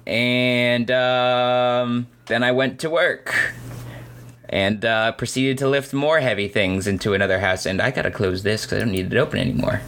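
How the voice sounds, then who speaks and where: A man's voice: medium pitch, steady tone, normal speed, a bit bright, slight background noise. A young man co-hosting a casual podcast, rambling and correcting himself as he chats. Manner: rambling, self-correcting, tired. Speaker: podcast co-host. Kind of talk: casual chat.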